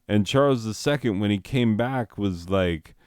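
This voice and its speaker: A man's voice: fairly low pitch, normal speed, darkish tone, clean tone, dry recording, studio quality. A man doing profane, sardonic stand-up comedy, ranting about the news of the year.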